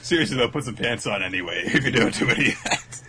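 A man's voice: mid-range voice, expressive, quick pace, background noise. A man hosting a casual manga recap podcast, summarizing chapters in a dry, mock-exasperated way. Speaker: podcast host.

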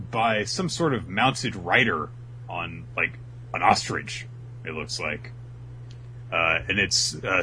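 A man's voice: low voice, pushed and bright, a little hiss or hum, poor audio. A man co-hosting a podcast, casually retelling an episode with a laid-back, filler-heavy manner. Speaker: podcast co-host recapping anime. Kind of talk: casual chat.

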